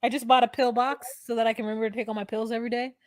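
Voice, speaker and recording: High-voiced playful woman co-host. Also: level tone, very fast, no echo, studio quality. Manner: playful, mocking, laughs often. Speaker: podcast co-host. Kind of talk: casual reality-TV recap chat.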